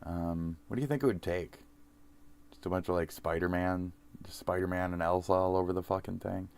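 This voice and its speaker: Low-voiced, profane man in his forties. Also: steady tone, brisk, clean tone. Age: 40s. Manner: profane, rambling and self-mocking. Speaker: streamer. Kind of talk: rambling live-stream sign-off.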